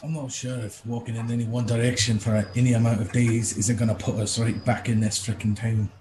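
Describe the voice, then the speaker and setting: A male tabletop player chatting in character, wry and joking, with a fairly low voice. A faint hum of room ambience runs underneath. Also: little pitch movement, fairly quick, darkish tone, rough recording. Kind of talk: casual in-character chat.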